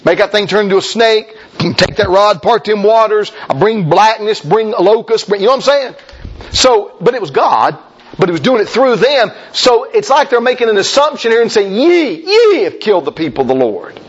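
Preacher man, high husky voice, swoops up and down, muffled old recording. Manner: folksy, emphatic preaching with sudden shouts and drawn-out sung lines. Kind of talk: sermon.

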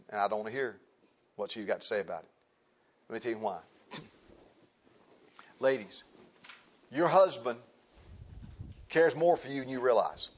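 Male preacher, husky voice, emphatic and repetitive sermon delivery, dull lo-fi recording. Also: medium pitch. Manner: emphatic, repeats phrases, turns to address the men and women in turn.

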